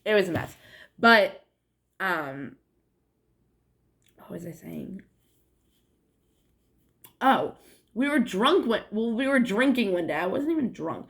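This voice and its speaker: A woman's voice: mid-range voice, big pitch swings, takes it slowly, creaky, pauses often, fairly bright tone. A young woman with a New England accent talking to her viewers in a meandering, casual monologue, full of "like" and swearing. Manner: meandering, heavy on "like" and swearing, frequent laughs. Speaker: vlogger. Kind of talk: rambling casual monologue to camera.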